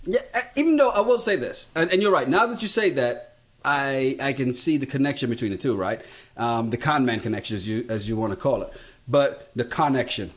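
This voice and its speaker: An American man co-hosting a podcast, chatting casually, laughing often and acting out quotes. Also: medium pitch. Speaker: podcast co-host. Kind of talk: casual recap chat.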